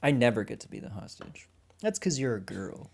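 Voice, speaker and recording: A man's voice: mid-range voice, very animated, brisk, creaky, a little mellow. A man co-hosting a film podcast, chatting casually and animatedly, acting out quoted lines and swearing often. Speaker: podcast co-host.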